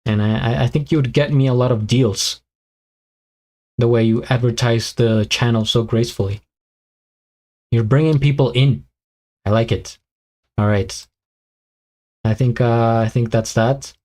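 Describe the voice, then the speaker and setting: A man's voice: mid-range voice, steady tone, measured pace, long pauses, darkish tone. A man hosting a live reaction stream, chatting casually with viewers and thinking aloud with plenty of fillers, his voice tiring as he goes. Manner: rambling, thinks aloud with many fillers and restarts. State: voice tiring and weakening.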